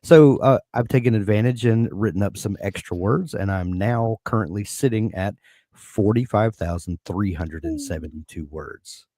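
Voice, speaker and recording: A man co-hosting a casual live-stream chat, speaking in a measured, hesitant way. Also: fairly low pitch, warm tone, no echo, clean studio sound. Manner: hesitant, measured, restarts often. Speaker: co-host.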